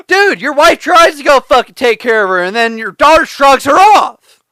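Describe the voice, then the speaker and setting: Male podcast co-host; foul-mouthed, laughing rants; bright, dry sound. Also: very high voice, very animated, moderate pace, no echo. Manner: ranting, heavily profane, laughing often. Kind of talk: casual podcast chat.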